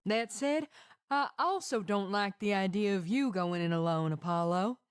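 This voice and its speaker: A woman's voice: medium pitch, animated, moderate pace, clear, resonant tone, no room sound, clean studio sound, natural voice. A woman voicing a kindly, protective female pony guard in a fan-made game, reassuring and motherly.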